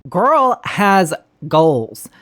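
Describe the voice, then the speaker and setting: A woman's voice: lowish voice, very animated, very slow, fairly bright tone. A woman giving casual, chatty commentary on a TV episode, swearing freely and talking straight to her viewers. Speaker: TV show reviewer.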